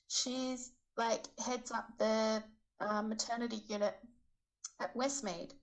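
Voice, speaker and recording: A woman telling a story in a chatty, casual way, lively when she quotes other people's words. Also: a little high, takes it slowly, poor audio. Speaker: charity event organizer.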